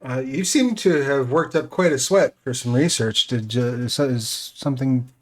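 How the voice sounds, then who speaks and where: A man's voice: medium pitch, normal speed. Hesitant man playing a tabletop game. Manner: hesitant, thinking aloud with ums and likes. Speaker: player. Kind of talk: casual tabletop game play.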